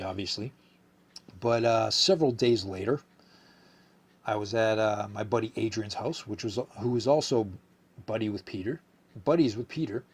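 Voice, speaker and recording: A man's voice: fairly low pitch, slightly rough. A young man hosting a podcast, telling a story in a rambling, profane way, a bit drunk and slurring. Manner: rambling, profane, with many fillers and restarts. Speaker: podcast host. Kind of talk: casual storytelling monologue.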